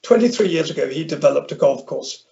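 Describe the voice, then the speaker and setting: Older male guest from Northern Ireland, rambling storyteller, heavily gravelly voice. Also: on the high side, lively intonation, quick pace, mellow. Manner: rambling anecdotal, self-correcting restarts. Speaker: interview guest. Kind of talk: conversational storytelling. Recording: dull lo-fi audio.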